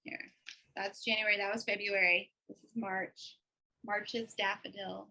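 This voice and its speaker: A woman's voice: medium pitch, little pitch movement, measured pace, vocal fry, bright, forceful tone, a little hiss or hum, low-quality recording. A woman co-hosting a casual chat about cross-stitch, chatty and enthusiastic, laughing often. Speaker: co-host.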